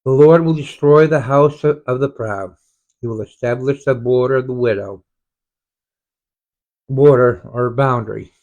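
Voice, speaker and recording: A man leading an online Bible study, reading verses slowly and explaining them, often stumbling and restarting words. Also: mid-range voice, darkish tone, dull audio. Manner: halting, frequent self-corrections and restarts. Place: home, online group study.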